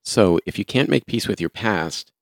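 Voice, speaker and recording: A man's voice: fairly low pitch, animated, moderate pace, creaky, no echo, clean studio sound. A man in his sixties co-hosting a casual talk show, giving practical, plain-spoken advice. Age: 60s. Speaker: podcast co-host. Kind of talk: casual chat.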